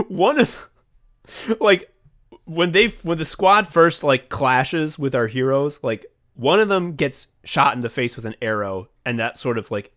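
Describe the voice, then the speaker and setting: A man co-hosting a podcast in casual chat, animated, laughing often and swearing a lot. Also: mid-range voice. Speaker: podcast co-host.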